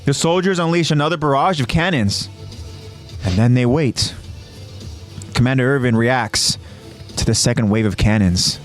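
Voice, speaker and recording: A man hosting a podcast, narrating an episode recap in a casual tone and jumping into quoted lines with a raised, shouting voice. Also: mid-range voice, normal speed, pauses often, faint music behind.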